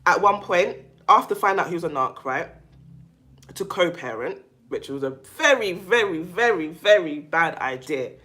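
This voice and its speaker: Woman ranting to camera, bright sharp voice, keeps saying baby, lots of restarts. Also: on the low side, normal speed. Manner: emphatic, animated, calls the listener "baby"; repeats herself and restarts often. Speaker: vlogger talking about narcissistic abuse. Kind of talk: casual monologue to camera.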